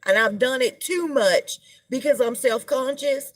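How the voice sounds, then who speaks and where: Lady doing a gossipy livestream, slow drawl, kinda high voice, chatty. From United States. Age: middle-aged. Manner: chatty, greets viewers, gossipy asides. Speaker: livestream host. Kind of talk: casual live-stream gossip chat.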